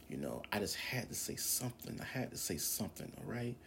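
Deep-voiced man praying fervently. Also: very animated, brisk, creaky, hardly any pauses, fairly bright tone, a little hiss or hum. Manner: impassioned, drops into whispers, repeats phrases. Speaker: preacher. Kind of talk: fervent spoken prayer and exhortation.

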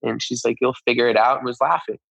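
A man's voice: mid-range voice, little pitch movement, fast talker, gravelly, a bit bright, no room sound, low-quality recording. A man with a mid-range voice tells a personal story in a casual, earnest way. He keeps acting out the conversations he had. The sound is dry and close. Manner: earnest, reenacts conversations with "I was like". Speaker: guest telling a personal story.

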